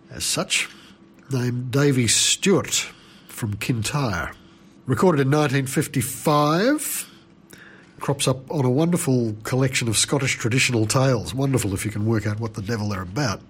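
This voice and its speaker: A man's voice: medium pitch, slight background noise. A male radio presenter introducing recordings with wry, amused asides. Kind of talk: relaxed music radio links.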